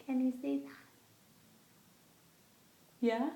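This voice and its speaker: High-pitched mom type, super slow coaxing baby talk, echoey room. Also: female voice, flat delivery, gravelly, mellow. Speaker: parent teaching a toddler. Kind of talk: teaching a toddler animal sounds.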